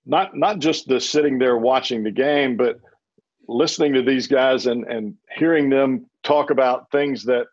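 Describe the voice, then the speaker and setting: A man's voice: medium pitch, a little slow. Rambling man on a dull lo-fi line. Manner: rambling, restarts often, chuckles. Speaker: former closer, panelist. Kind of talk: casual storytelling on a panel.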